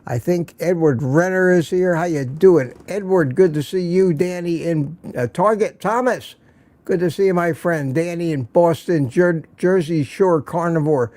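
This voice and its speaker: A man's voice: on the high side, a little slow, darkish tone, no echo. A man hosting a casual evening livestream, chatting and greeting viewers by name with small jokes. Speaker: livestream host.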